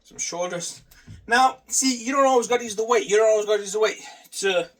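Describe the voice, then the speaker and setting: High-voiced man repeating himself. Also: brisk, far from the mic. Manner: repeats phrases, swears casually. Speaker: vlogger. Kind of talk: casual workout vlog.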